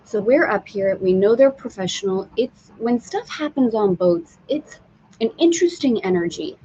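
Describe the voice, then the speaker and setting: A woman's voice: fairly high pitch, lively intonation, normal speed, warm tone, highs cut off, slight background noise. A woman hosting a live stream from a sailboat, telling a candid story and reading viewer comments aloud. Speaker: spiritual teacher and live-stream host.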